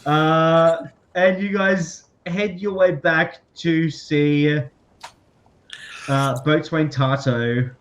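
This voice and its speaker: A man's voice: on the high side, steady tone, very slow. A man running a tabletop game as game master, narrating casually with many fillers and frequent laughs.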